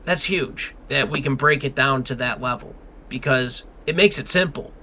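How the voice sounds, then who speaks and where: A man's voice: mid-range voice, moderate pace, sharp tone, slight background noise. A man co-hosting a podcast, talking in an earnest, rambling way and swearing casually. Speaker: podcast co-host.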